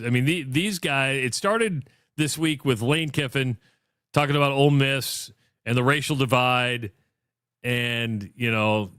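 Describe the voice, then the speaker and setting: A man's voice: medium pitch, fairly bright tone, clear, resonant tone, no echo, clean studio sound. A man co-hosting a sports talk radio show, giving fired-up, opinionated commentary and retelling stories.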